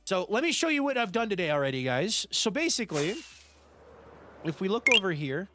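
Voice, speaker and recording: A man's voice: high-pitched, very animated, brisk, over music. A man streaming a building game live, chatting casually and reading out and thanking viewers by name. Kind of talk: live gameplay stream chat.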